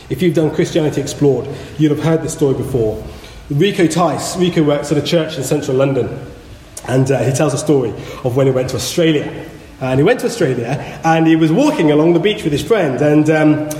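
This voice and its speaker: Lively, mellow-voiced man preaching in an echoey hall. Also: on the high side, slight background noise. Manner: earnest, measured preaching with emphatic stresses. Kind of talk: sermon. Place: church. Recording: echoey hall with long reverb.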